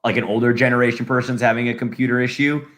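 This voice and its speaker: Young man, mid-pitch, loose storytelling podcast co-host who laughs and does voices. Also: very fast. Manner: laughing storyteller, animated impressions. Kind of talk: casual chat.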